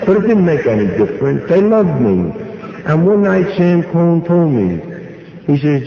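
A man's voice: mid-range voice, lively intonation, normal speed, a little hiss or hum. A man giving a personal recovery testimony at a meeting, a wry, folksy storyteller who acts out dialogue. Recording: echoey hall, dull lo-fi sound.

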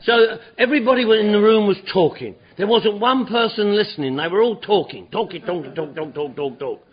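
A man's voice: high-pitched, a little fast. A man telling his recovery story to a meeting, acting out voices and swearing freely. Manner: animated storyteller, acts out dialogue, swears freely. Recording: dull lo-fi recording with a murmuring crowd.

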